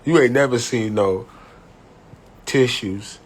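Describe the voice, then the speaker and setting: A man's voice: mid-range voice, takes it slowly, a little hiss or hum. A man hosting a casual livestream, rambling and profane, laughing often as he talks. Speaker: livestream host.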